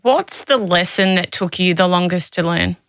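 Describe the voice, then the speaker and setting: Female podcast host, lower voice, calm interviewer. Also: moderate pace, smooth, no echo, clean studio sound. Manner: brief affirming murmurs, calm questions. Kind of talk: interview questions.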